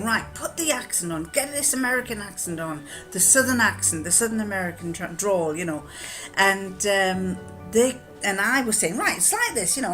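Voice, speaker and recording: A woman's voice: fairly low pitch, a bit bright. An older woman chatting to camera, rambling with frequent ums and restarts as she tells anecdotes. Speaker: vlogger answering a tag challenge. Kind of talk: casual chat to camera.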